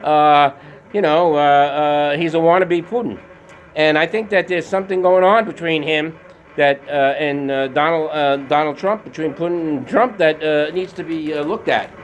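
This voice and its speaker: A man's voice: on the high side, fairly even intonation, moderate pace, a little hiss or hum. A man giving a rambling casual monologue from his home garage while working out, with many fillers. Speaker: vlogger.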